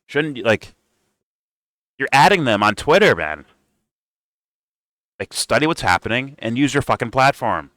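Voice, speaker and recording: Bright-voiced, profane ranting man. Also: mid-range voice, very animated, measured pace, long pauses, dry recording. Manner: heated, profane and sarcastic. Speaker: political commentator. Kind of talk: casual reaction rant.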